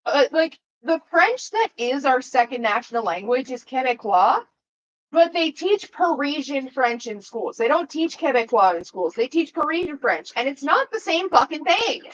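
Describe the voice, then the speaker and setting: A woman's voice: high voice, very animated, normal speed, lo-fi sound. A woman from Canada, chatting casually with her stream viewers and swearing freely, her talk full of "like". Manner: profane, rambling, fillers of "like".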